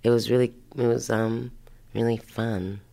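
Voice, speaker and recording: A woman chatting as an interview guest, telling stories with lively acted-out voices. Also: very deep voice, unhurried, vocal fry. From Australia, of Haitian parents. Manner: lively storyteller who acts out voices. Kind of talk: casual interview chat.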